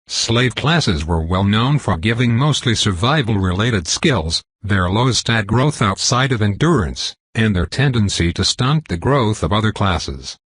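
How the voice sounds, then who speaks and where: Male audiobook narrator for a fantasy novel: measured, low, slightly husky. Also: expressive, fairly bright tone, no room sound. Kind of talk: first-person web novel narration.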